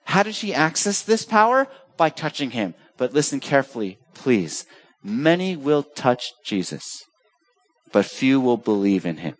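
Animated man preaching a sermon. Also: normal speed, hardly any pauses. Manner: animated, swinging between urgent highs and soft low asides. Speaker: pastor.

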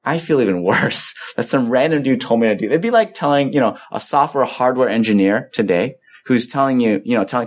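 A man's voice: mid-range voice, animated, fast, few pauses. A man preaching a sermon as a pastor, telling the story in a conversational way and acting out the voices of the people in it.

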